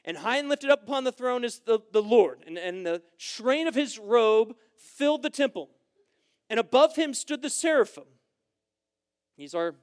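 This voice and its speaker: A young man preaching a sermon at a church camp, emphatic and repetitive, swinging between loud declarations and quieter explanation. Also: extremely high pitch. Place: church camp meeting room.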